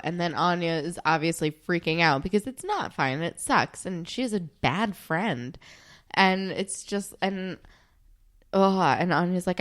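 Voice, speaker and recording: A woman's voice: fairly low pitch, expressive, fairly bright tone. A young woman co-hosting a podcast, chatting emphatically as she recaps a TV episode. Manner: chatty and emphatic, quick reactions. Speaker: podcast co-host. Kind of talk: casual chat recapping a TV episode.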